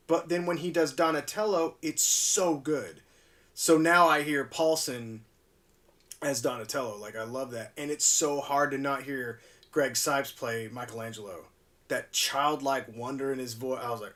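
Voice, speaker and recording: A man's voice: on the high side, unhurried, a bit bright, recorded from a distance. A man hosting a live stream, chatting casually and chuckling as he repairs a toy at his workbench. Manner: rambling, laid-back, chuckles often.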